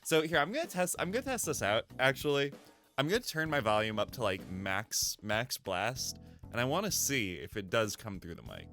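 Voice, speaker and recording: A male live streamer chats casually at home at a moderate pace, his bright voice rising and falling widely as he rambles animatedly, curses lightly and teases himself. He uses a desk mic through a mixer, with faint music underneath.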